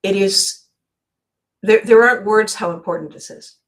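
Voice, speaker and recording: A woman hosts a live motivational show and talks straight to her viewers in a voice of ordinary, middle pitch. She speaks earnestly and often repeats a word as she restarts a sentence. Now and then she breaks off to greet viewers by name. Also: moderate pace.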